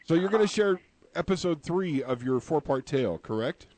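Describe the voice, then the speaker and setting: A man's voice: on the high side, lively intonation, normal speed, a little mellow, dry recording. A man hosting a radio show from a studio, talking in a jokey, upbeat, plain-spoken way. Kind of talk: casual radio talk.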